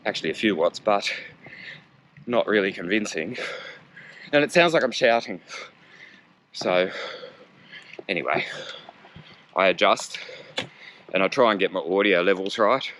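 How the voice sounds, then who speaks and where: A man's voice: fairly low pitch, measured pace, long pauses, a bit bright, poor audio. A man talking to a camera while cycling outdoors, chatty and rambling, with wind over the mic and music behind. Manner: chatty, rambling, self-deprecating. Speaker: cycling vlogger. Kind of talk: casual talk to camera while riding. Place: outdoors on a road bike in traffic. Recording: wind noise over a bike-mounted camera.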